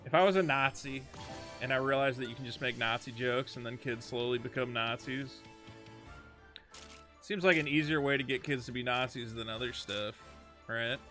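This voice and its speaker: A man's voice: mid-range voice, normal speed. Exasperated male streamer over game music. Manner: animated, exasperated ranting. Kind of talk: casual chat while gaming. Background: video game music.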